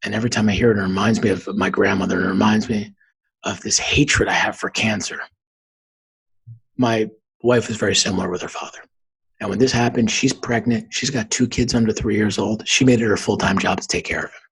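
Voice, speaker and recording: Husky-voiced man telling a story. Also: on the low side, a little fast, rough recording. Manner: animated storyteller acting out quoted dialogue. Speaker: podcast guest. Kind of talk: storytelling in an interview.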